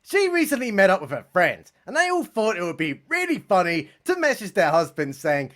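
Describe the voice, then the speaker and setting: A young man reviews a comedy special with sarcastic, mocking commentary, tossing in deadpan asides and casual swearing. His voice sits high and he talks briskly.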